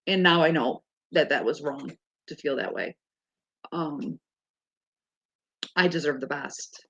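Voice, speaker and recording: A woman with a somewhat low voice talks straight to her listeners. She is blunt and animated, swears without fuss, and laughs through her own stories. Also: slow pace, long pauses, highs cut off. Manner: frank and animated, swears freely, laughs often. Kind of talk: casual chat.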